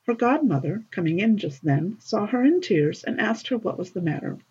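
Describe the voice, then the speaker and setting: A woman narrating a fairy tale in an expressive, lilting storybook reading, on a dull lo-fi recording. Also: medium pitch, normal speed, breathy edge.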